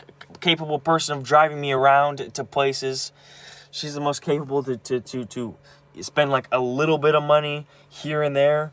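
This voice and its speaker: Speaking at a moderate pace, a young man with a slightly high, smooth, fairly bright voice keeps his tone level. Yet as a vlogger venting about his family he's clearly upset and agitated, cursing a lot, tripping over words, restarting and repeating himself.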